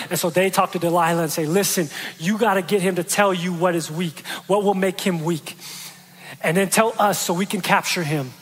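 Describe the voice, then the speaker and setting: High-voiced man preaching in a hall. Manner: animated storytelling, acts out quoted lines. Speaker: pastor. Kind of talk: sermon.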